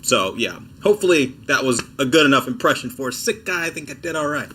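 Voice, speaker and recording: A man's voice: medium pitch, expressive, fast talker, bright, forceful tone, a little hiss or hum. A sick man hosting a casual TV tech livestream at home, chatting with viewers in a laid-back, self-mocking way. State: sick, coughing and clearing throat.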